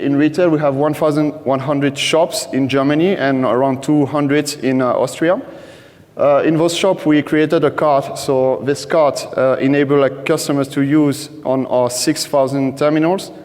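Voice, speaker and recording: A man with a French accent giving a conference presentation, halting and full of fillers and restarts. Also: fairly high pitch, darkish tone. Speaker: conference speaker. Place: conference stage. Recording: large hall reverb.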